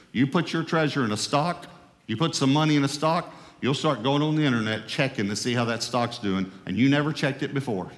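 A man's voice: medium pitch, fairly bright tone. A man preaching a sermon as pastor, with emphatic, rising and falling delivery. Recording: long hall reverb.

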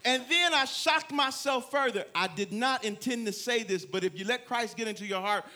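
Male pastor, high bright voice, animated sermon storyteller. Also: normal speed. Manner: animated storytelling, laughing, rising to near-shouts. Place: church with a congregation.

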